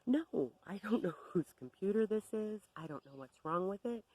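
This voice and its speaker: A woman's voice: mid-range voice, expressive, moderate pace, a little mellow, low-quality recording. A woman telling a story to camera in a sardonic, exasperated rant. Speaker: vlogger.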